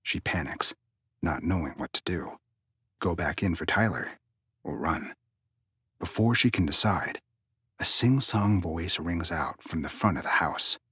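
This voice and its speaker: Hushed, breathy low-voiced male narrator. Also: animated, a little slow, no room sound, clean studio sound. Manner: hushed, suspenseful, often near a whisper. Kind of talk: scripted story narration.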